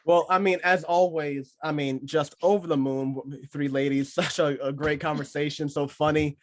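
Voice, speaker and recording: Male podcast host, joking casual chat, slightly high voice, dry close mic. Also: fairly even intonation, normal speed, no room sound. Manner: joking, playful, laughs often.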